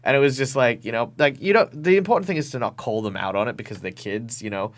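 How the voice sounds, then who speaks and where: A man's voice: mid-range voice, animated, quick pace. A man with an Australian accent, a professional game master, talking over a video call as an interview guest, telling stories animatedly with many ums and restarts. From Perth, Western Australia. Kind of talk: casual interview talk.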